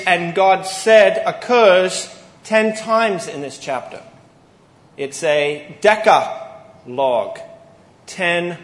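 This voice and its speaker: A man preaching a Sunday morning sermon, earnest and emphatic, pausing deliberately on key phrases. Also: sits high, fairly bright tone. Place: church sanctuary. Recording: echoey church hall with long reverb.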